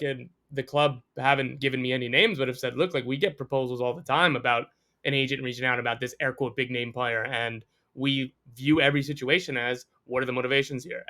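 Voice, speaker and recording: A man's voice: medium pitch, pushed and bright. A man talking as a sports journalist guest in a casual podcast interview, candid and profane, laughing often.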